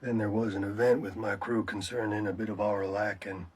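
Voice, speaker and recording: A man talking in a slow, calm, plainspoken way. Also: on the low side, breathy edge.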